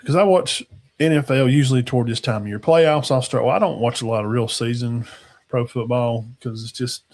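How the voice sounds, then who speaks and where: A man's voice: medium pitch, darkish tone. A man, hosting a casual football talk show in a rambling, folksy way that trails off into mumbles. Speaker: sports talk show host.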